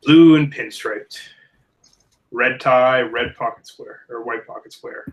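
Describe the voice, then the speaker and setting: A man's voice: mid-range voice, takes it slowly, a little hiss or hum. Casual man playing a tabletop game. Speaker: player. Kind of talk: tabletop role-play.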